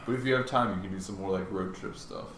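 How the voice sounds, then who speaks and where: A man's voice: sits low, quick pace, fairly bright tone. Laid-back joking male podcast host. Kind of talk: casual chat. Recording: roomy echo, faint noise.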